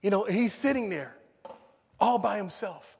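A man preaching a sermon, moving from loud emphasis to hushed pleading. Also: sits high, animated, unhurried, breathy edge, long reverb tail.

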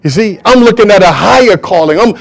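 A man's voice: high-pitched, animated, a little fast, creaky. A man preaching a sermon to a church congregation, emphatic and drawing call-and-response from the crowd. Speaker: pastor.

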